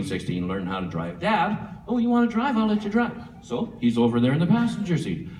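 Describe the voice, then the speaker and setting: A man giving a humorous eulogy for his father at a church memorial, a lively storyteller who chuckles often. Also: high voice. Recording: echoey hall from far off with faint room noise.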